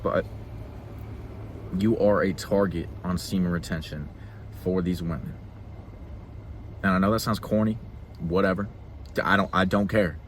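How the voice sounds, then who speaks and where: A man's voice: sits low, fairly even intonation, slight background noise. A young man vlogging in an earnest talking-head monologue, emphatic and repeating himself for stress. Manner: emphatic, repeats phrases, quick laughs.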